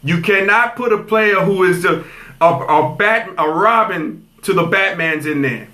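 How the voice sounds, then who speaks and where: A man in his fifties hosts a casual podcast interview with a high, bright voice. He is animated and playfully teasing, and he laughs often. The room around him rings with echo. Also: a little slow. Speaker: host. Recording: echoey room.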